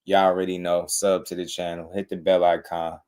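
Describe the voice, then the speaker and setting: A man's voice: low-pitched, flat delivery, fairly quick, a little mellow, clear, resonant tone. A man hosting a live boxing talk stream, ranting in a rambling, heated way with many repeated words. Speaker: boxing talk show host. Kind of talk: casual livestream commentary.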